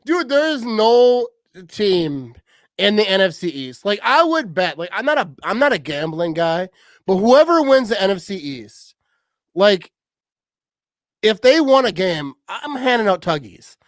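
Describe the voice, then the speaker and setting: A man's voice: sits high, sing-song, unhurried, dry recording. A man in his forties from Wisconsin, hosting a casual sports chat, rambling and laughing often. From Wisconsin, USA. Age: 40s. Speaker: podcast host.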